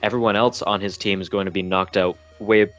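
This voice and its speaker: A man's voice: fairly low pitch, steady tone, brisk, fairly bright tone, muffled recording. A man casting a live esports match, often tripping over his words and restarting sentences. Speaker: esports caster.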